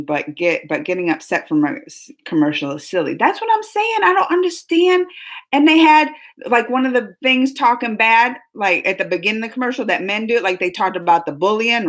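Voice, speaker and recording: A woman with a mid-range voice hosts a casual reaction discussion, addressing the people in the room with animated, emphatic and rambling talk.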